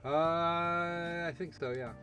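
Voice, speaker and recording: A man's voice: fairly high pitch, fairly even intonation, slow pace, pushed and bright, soft background music. A man giving casual, sarcastic commentary while playing a video game, rambling with stammered restarts. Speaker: let's play host.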